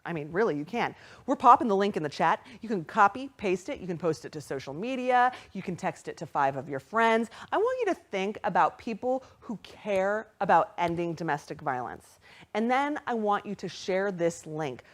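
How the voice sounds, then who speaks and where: Animated, excitable woman fundraiser host. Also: medium pitch, moderate pace. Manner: excitable, gushing thanks to donors; playful, teasing the audience. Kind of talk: live virtual fundraiser hosting.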